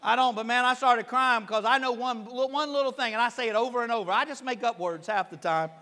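A male pastor preaching a conversational sermon that swells to loud, emphatic peaks, in a church sanctuary. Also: extremely high pitch, fairly quick, big-room sound.

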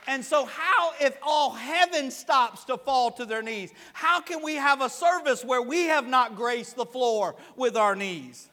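Male pastor, very high voice, casual preaching that builds to emphatic shouts, long church reverb. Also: lively intonation, unhurried, hardly any pauses. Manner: conversational preaching that swells to loud emphatic peaks. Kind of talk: sermon. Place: church sanctuary.

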